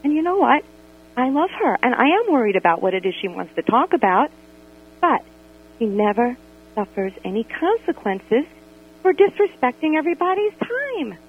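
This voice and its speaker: A woman calling in to a radio show by phone, telling a story in an animated, exasperated way. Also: high-pitched, normal speed, slightly rough. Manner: animated, exasperated retelling with quoted dialogue. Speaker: radio caller. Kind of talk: call-in storytelling about a friend. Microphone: telephone. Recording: tinny phone line on radio.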